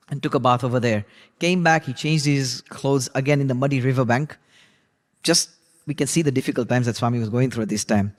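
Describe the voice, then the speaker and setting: A man teaching a religious class, retelling a biography in a relaxed, conversational way with frequent asides. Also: mid-range voice, big-room sound. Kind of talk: storytelling lesson.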